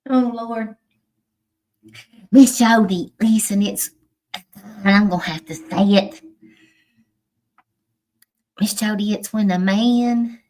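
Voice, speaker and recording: A woman's voice: medium pitch, steady tone, takes it slowly, long pauses, darkish tone. A woman with a Southern US accent hosting a casual livestream chat, teasing her viewers and laughing often. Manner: laughs a lot, teasing, drawling. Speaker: livestream host. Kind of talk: casual chat reading live comments.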